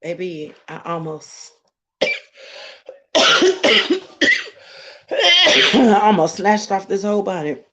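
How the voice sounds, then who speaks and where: A woman's voice: mid-range voice, lively intonation, slow, long pauses, fairly bright tone. A middle-aged woman chatting casually on a live stream, greeting viewers by name and laughing often.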